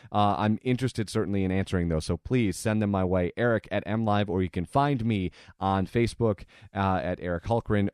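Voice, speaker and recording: A man's voice: fairly low pitch, darkish tone, clean tone, no room sound, studio quality. A man hosting his own podcast, telling a story in a casual, conversational way with occasional fillers. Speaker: podcast host. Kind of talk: casual solo podcast monologue.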